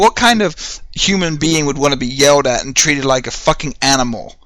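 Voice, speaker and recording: Heated, sharp-voiced man ranting. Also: medium pitch, brisk, dry recording. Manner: heated, profane, rhetorical questions. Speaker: podcast host. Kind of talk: ranting solo monologue.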